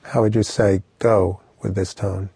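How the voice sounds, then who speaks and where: A man teaching an audio language lesson, explaining with lively, vivid storytelling and direct instructions. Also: lowish voice, a little slow, slight background noise.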